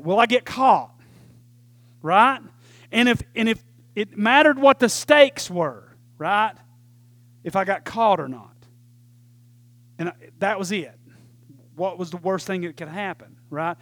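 A man preaching a sermon to his church, swinging from loud calls to hushed asides as he talks to the congregation. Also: very high voice, dry recording. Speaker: pastor.

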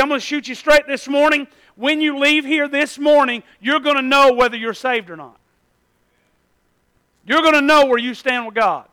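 A middle-aged man from Tennessee, preaching a sermon as pastor, building from quiet talk to loud, emphatic calls. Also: very high-pitched, smooth.

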